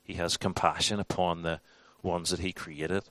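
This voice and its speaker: A man's voice: low-pitched, little pitch movement, normal speed, fairly bright tone, dry recording. A man teaching a church class in a conversational, informal sermon style, with frequent restarts and acted-out quotes.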